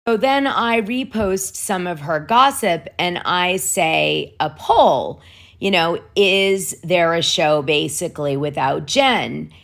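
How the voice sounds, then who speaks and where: A woman hosts a casual gossip vlog in a deep voice that is bright and punchy, yet also slow and gravelly. She chats loosely, swears often, and reads private messages out loud.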